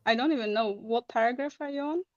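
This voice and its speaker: Accented female guest, chatty and quick to laugh, higher voice, dull dry remote mic. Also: no echo. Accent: non-native English. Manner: laughing, talkative. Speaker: guest commentator. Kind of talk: casual chat.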